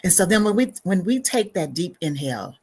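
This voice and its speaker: Husky-voiced woman hosting a reflective livestream. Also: on the low side, big pitch swings. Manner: unhurried and reflective, with soft drops and sighs. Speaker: counselor and show host. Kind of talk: spiritual livestream talk.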